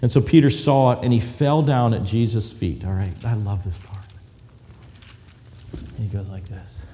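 A male preacher giving a sermon, telling the story with animated delivery and acting out scenes. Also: fairly low pitch, moderate pace. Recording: long hall reverb.

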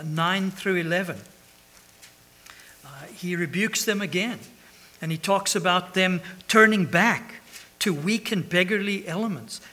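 Guy preaching, high bright voice kinda husky, keeps asking right?. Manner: animated, rhetorical questions with many restarts. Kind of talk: sermon.

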